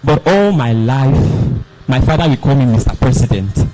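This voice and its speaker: A man's voice: medium pitch, expressive, mellow, soft background music, lightly acted, low-quality recording. A man playing a young man who measuredly looks back on his hard childhood. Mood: reflective. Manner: measured, reflective storytelling.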